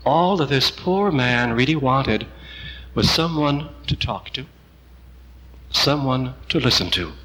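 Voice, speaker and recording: A man preaching a sermon, telling a story slowly and gently with long pauses. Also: mid-range voice, expressive, big-room sound, slight background noise, low-quality recording. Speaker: priest.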